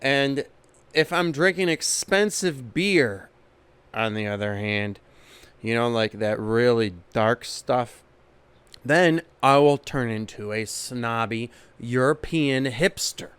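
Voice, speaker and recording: Slow-talking deadpan male comedian. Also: mid-range voice, clean tone, no echo. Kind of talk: comedy monologue.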